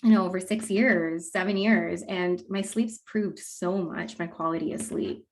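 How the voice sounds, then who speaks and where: A woman talking as a guest expert in a casual interview, explaining in a lively way and acting out what parents say. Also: lowish voice, normal speed, slight background noise. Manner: animated, acts out quoted parents with laughs. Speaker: guest expert on mouth breathing.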